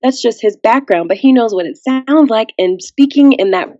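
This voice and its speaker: A woman's voice: a little high, moderate pace, no room sound, muffled recording. A woman guest on a podcast, chatting casually and acting out the people in her story. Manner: animated storyteller who acts out quotes.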